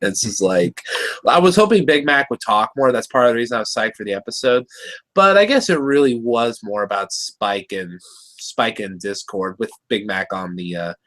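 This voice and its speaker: A man co-hosting a cartoon review show, talking in an animated, rambling way with many restarts. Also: on the low side, normal speed. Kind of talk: casual review chat.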